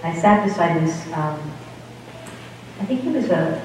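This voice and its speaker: A woman's voice: lowish voice, expressive, a little slow, a little mellow, slight background noise. A woman giving an informal spiritual talk in a rambling, chatty way, often breaking off mid-sentence. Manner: rambling, chatty, self-interrupting. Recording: distant, echoey hall, dull sound.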